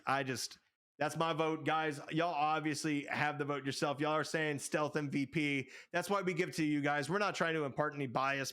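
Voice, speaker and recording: A young man casting an esports match play-by-play, calling fast and excitably with his voice half worn out. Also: on the high side. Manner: rapid, excitable calls that climb into shouts. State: voice half gone, out of breath. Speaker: play-by-play caster. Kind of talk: esports commentary.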